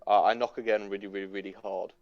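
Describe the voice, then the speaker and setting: A man's voice: on the low side, level tone, fast talker, darkish tone, dry recording, muffled recording. Eager, persuasive man at a tabletop game. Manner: eager, persuasive, talks in character. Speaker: player. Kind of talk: tabletop role-play.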